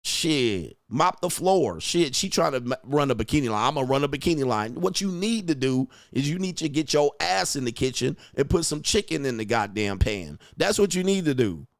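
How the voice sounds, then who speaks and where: Dude coach ranting on stream, cussing and mocking, dry mic. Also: male voice, fairly high pitch, animated, normal speed, few pauses, no echo. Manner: profane, mocking, emphatic rant; laughs at own jokes. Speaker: host, relationship coach. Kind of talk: livestream commentary rant.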